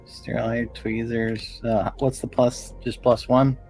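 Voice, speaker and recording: A man playing a tabletop game on a stream, unhurried and hesitant, with many fillers. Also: mid-range voice, little pitch movement, vocal fry, a little mellow, soft background music. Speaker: player.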